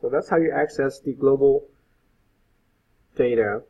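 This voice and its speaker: A man's voice: mid-range voice, a little slow, warm tone, breathy edge. A male web instructor giving an informal live coding lecture, thinking aloud with frequent fillers. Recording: phone-like lo-fi sound.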